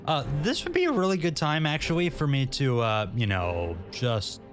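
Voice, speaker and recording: A chatty man narrates his own gameplay in a loose, self-mocking way, muttering and joking to himself at an everyday pitch. Faint game music plays quietly behind him. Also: very animated, normal speed. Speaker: gaming channel host. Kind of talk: casual gameplay commentary.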